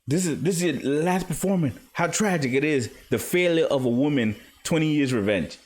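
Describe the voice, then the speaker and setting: A man's voice: on the high side, lively intonation, normal speed, a little mellow, pitched above the performer's own voice. A man doing a sniveling turncoat villain lord. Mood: gloating. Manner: wheedling, theatrical.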